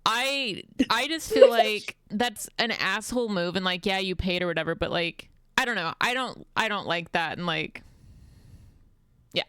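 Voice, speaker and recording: A woman's voice: mid-range voice, moderate pace, fairly bright tone, smooth, no room sound, studio quality. A woman co-hosting a podcast in casual chat, giving blunt opinions with lots of fillers and wearing headphones. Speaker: podcast co-host.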